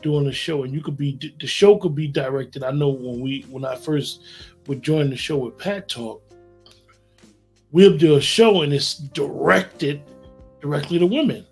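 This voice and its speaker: Husky-voiced man, rambling host. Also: fairly high pitch, measured pace, darkish tone, faint music behind. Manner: rambling, repeats himself when making a point. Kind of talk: casual podcast discussion.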